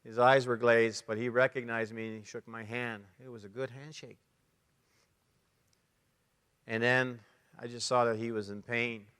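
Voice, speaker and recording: A man's voice: mid-range voice, flat delivery, fairly bright tone, clean tone. Canadian man, middle-aged, earnest storyteller at a men's conference, resonant tone, reverberant big room. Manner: emotional storytelling, pauses and restarts. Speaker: conference speaker. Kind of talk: personal testimony talk. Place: large conference hall. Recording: long hall reverb.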